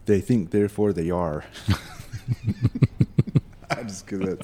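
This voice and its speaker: A man's voice: low voice, slow pace, warm tone, a little hiss or hum. A man co-hosting a podcast in casual chat, trading corny dad jokes. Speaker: podcast co-host.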